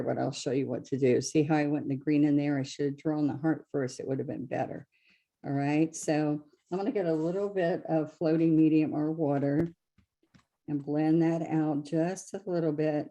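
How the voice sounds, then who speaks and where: A woman's voice: low voice, steady tone, normal speed, warm tone. A woman teaching a live painting class, chatty and explaining each step, often correcting herself as she goes. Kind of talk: live craft demonstration.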